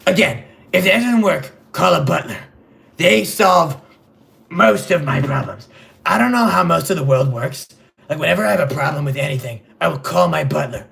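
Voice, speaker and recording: A man playing a vain, clueless rich male superhero in a comedic livestream sketch, rambling in a deadpan, gravelly voice. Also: fairly high pitch, normal speed, exaggerated voice. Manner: rambling, deadpan, self-absorbed.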